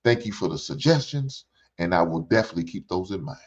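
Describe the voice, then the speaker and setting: A man's voice: low-pitched, lively intonation, fast. An older man hosts a reaction show, ranting bluntly with lots of profanity and preaching in repeated phrases. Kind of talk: ranting commentary. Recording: dull lo-fi recording.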